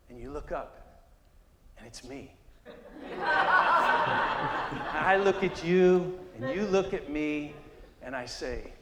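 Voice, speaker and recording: A man in his sixties telling a lively anecdote to an audience at a gallery talk, acting out the quotes and laughing often. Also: fairly high pitch. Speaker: guest speaker. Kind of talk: live anecdote before an audience. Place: gallery exhibition talk, hall before an audience. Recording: echoey hall, noisy room.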